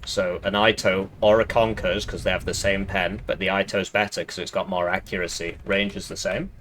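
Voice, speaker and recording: Low-voiced man casting a strategy game. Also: level tone, normal speed, fairly bright tone, slight background noise. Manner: rambling, thinks aloud, drifts into side tangents. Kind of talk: casual gameplay commentary.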